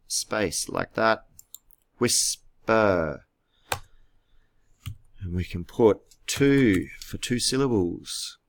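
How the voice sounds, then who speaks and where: A man teaching a class through a screen-recorded tutorial, patient and spelling words out letter by letter, with keyboard clicks behind him. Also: low-pitched.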